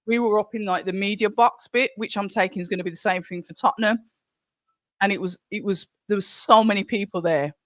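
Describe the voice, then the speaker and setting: A woman's voice: mid-range voice, a little fast, no room sound, clean studio sound. A middle-aged woman hosting a live stream, chatting casually and reading viewer comments aloud from home. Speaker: livestream host.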